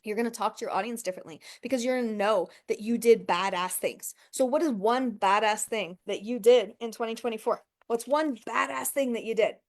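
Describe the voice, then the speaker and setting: A punchy woman business coach swears her way through a motivational talk, aimed straight at her viewers. Her voice sits a touch high, and she keeps the energy up with rhetorical questions and quick "okay"s and "right"s. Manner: profane, emphatic, talks straight to the viewer.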